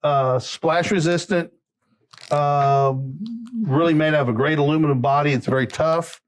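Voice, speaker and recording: A man with a fairly high voice walks through a product demo on a live shopping stream. He sounds relaxed and chatty and explains each feature step by step. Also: a little slow. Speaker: product presenter.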